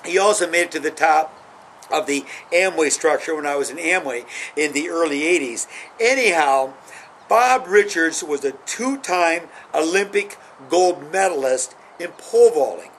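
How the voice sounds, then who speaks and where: A man's voice: a little high, moderate pace, a little hiss or hum, rough recording. A middle-aged man hosting his own videos, telling sports stories in a rambling, casual way and repeating "anyhow" as he goes. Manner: rambling, repeats "anyhow", acts out quotes with a rising excited voice. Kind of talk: casual storytelling monologue.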